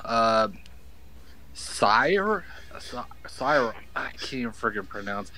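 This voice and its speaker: Slow laid-back male co-host. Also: mid-range voice, big pitch swings, sharp tone, rough recording. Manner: slow, stumbles over names, laid-back. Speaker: podcast co-host. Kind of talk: casual chat.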